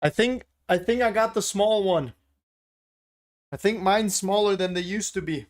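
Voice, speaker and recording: A young man with a fairly high voice talks loosely to his livestream viewers. He swears freely, wonders out loud and thanks his chat in a relaxed way. He speaks into a desktop streaming mic. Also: measured pace. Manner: casual, swears freely, thinks aloud.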